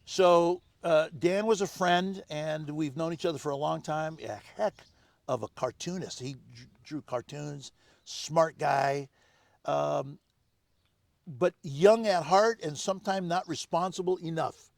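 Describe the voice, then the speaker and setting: An older man, the guest, telling animated anecdotes in casual conversation, acting out other people's lines. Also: a little high, measured pace, creaky, no room sound. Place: home on Maui.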